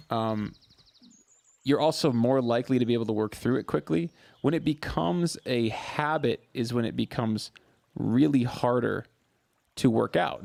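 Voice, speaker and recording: A man hosting a live mental health Q&A as a therapist, answering viewers in a warm, coaching way and repeating phrases for emphasis. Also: medium pitch, creaky. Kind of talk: live-stream advice answering viewer questions.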